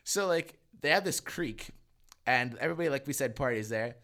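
Rambling young man with a lively voice. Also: mid-range voice, normal speed. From Selkirk, Manitoba, Canada. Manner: profane, rambling storyteller with many restarts. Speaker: podcast co-host. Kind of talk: casual chat.

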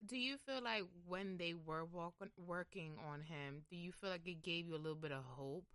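A woman hosting a podcast who asks quick follow-up questions and gives short affirmations. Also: on the low side, a bit bright, clean tone, no echo, clean studio sound. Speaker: podcast host. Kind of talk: conversational interviewing.

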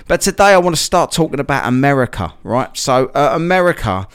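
A man's voice: mid-range voice, very animated, brisk, a bit bright, clean tone. A man hosting a casual solo podcast, rambling and chatty with lots of fillers, a bit out of breath after a workout. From England. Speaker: podcast host.

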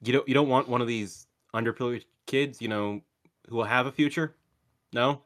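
A man co-hosting a podcast in casual chat, sardonic and casually profane, with halting restarts. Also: mid-range voice, a bit bright. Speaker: podcast co-host.

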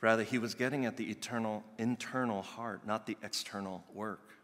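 Bright-voiced pastor in a reverberant hall. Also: male voice, lowish voice, fairly even intonation, moderate pace. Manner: earnest, builds to loud emphatic peaks then drops soft. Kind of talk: sermon. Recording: long reverb of a large hall.

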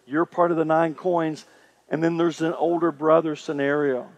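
A man's voice: fairly high pitch, flat delivery, normal speed, dry recording. A male pastor delivering a sermon, emphatic and repetitive, speaking straight to the congregation. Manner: emphatic preaching, repeats phrases, addresses congregation directly.

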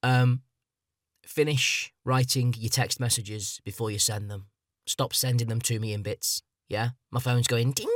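A man's voice: medium pitch, steady tone, unhurried, no echo. A man, hosting a solo podcast in a rambling, self-mocking, chatty way. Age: 30s. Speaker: podcast host. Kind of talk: comedic solo podcast monologue.

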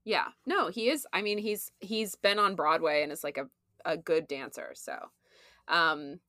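A woman's voice: on the low side, measured pace, pushed and bright, dry recording, studio quality. Chatty young woman podcast co-host. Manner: chatty, laughs often, lots of fillers. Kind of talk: casual chat.

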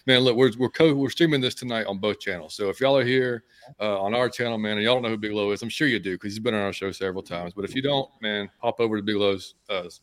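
A man's voice: on the low side, quick pace, dry recording. A man hosting a casual fan podcast, laid-back and rambling, saying "man" a lot. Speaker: podcast host.

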